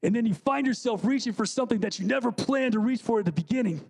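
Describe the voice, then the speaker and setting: A man's voice: very high voice, quick pace, creaky, darkish tone, breathy edge. A man preaching a sermon in a church, talking conversationally and asking the congregation questions. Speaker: guest preacher. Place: church sanctuary.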